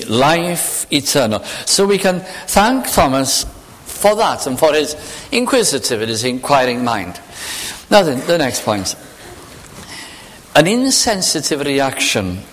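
A man preaching a sermon, shifting between hushed, low passages and raised, urgent ones. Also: sing-song, unhurried. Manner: dramatic swings between hushed and raised delivery. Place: church. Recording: echoey hall with long reverb.

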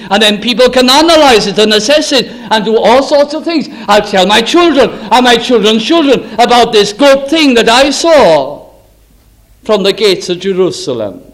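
A man preaching a revival sermon, swinging from loud exclaiming to hushed, solemn tones. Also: very high voice, lively intonation, moderate pace.

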